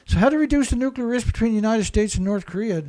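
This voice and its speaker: This show host is a man with a very high-pitched, darkish voice, and he talks fast and expressively. His monologue is an angry, repetitive rant packed with insults.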